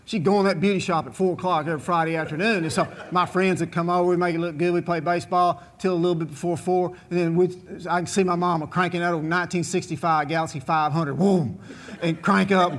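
High-voiced man telling a tale. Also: fast, a little hiss or hum. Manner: animated, folksy, rambling with asides. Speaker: storyteller. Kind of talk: comic storytelling to a live audience.

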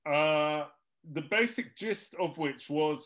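A man's voice: on the high side, animated, measured pace, a bit bright. Older man telling a dry studio anecdote. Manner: dry comic timing, acts out other people's lines. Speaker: jingle composer telling studio stories. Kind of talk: anecdotal storytelling chat.

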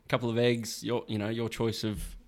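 A man's voice: mid-range voice, completely flat delivery, brisk, a little mellow. A young man co-hosting a podcast, chatting in an easygoing, rambling way. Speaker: podcast co-host, son. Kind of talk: casual storytelling chat.

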